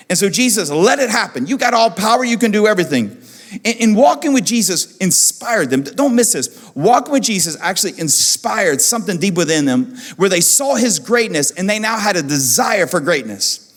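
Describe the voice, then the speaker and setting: A man's voice: high-pitched, long reverb tail. A man preaching a sermon as pastor, animatedly acting out the disciples in a raised voice. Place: church auditorium.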